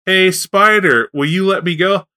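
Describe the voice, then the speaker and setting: A man's voice: sits high, measured pace, bright, forceful tone, voice pushed up, exaggerated voice. Brief: a man doing a small, whiny worm kid who insists he can manage alone. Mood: pleading. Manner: whiny, petulant. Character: very young childlike male worm, stubborn.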